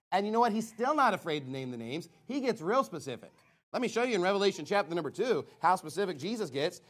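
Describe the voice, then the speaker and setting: A man preaching a fiery sermon who reads scripture aloud, throws rhetorical questions at the congregation and bursts into shouted lines. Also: high-pitched.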